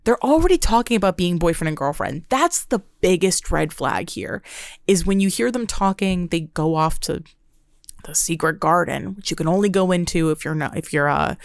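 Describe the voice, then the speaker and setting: Low-voiced woman ranting casually. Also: moderate pace, creaky, no room sound, clean studio sound. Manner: animated, profane, mimics people she talks about. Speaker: podcast host. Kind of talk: casual reality-TV recap monologue.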